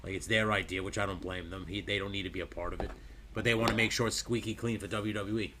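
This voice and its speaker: A man's voice: on the low side, steady tone, quick pace, heavy background noise. A man co-hosting a casual live chat while watching a baseball game, joking around and slipping into put-on accents. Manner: jokey, slips into put-on accents. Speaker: podcast co-host.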